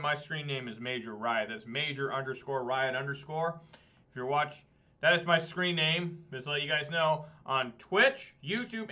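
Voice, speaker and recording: Guy streaming a card game, rambly, kinda self-deprecating, voice a bit high, muffled cheap mic. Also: sharp tone. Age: adult, married. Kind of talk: casual gameplay commentary. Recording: dull lo-fi mic.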